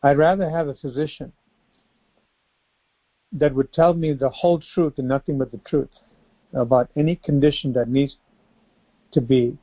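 A man's voice: medium pitch, fairly even intonation, normal speed, long pauses. Emphatic male preacher, dull lo-fi audio. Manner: emphatic, rhetorical questions, preacherly repetition. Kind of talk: devotional sermon.

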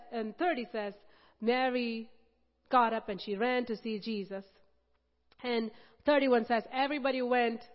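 A woman preaching a sermon, impassioned, building to loud, emphatic repetition. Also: on the high side. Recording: dull lo-fi audio with long hall reverb.

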